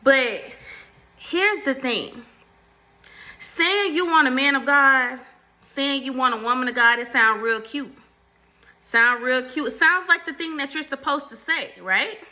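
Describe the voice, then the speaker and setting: A woman talks straight to her viewers in a casual faith chat, with a piercing, very bright tone set a little high. She calls them y'all and slips into preachy asides. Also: measured pace. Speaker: faith and relationship channel host. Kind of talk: casual faith talk to camera.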